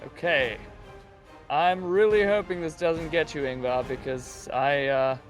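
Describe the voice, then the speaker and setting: Male player, playful and eager, slightly high voice, light music bed. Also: unhurried. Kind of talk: casual tabletop play.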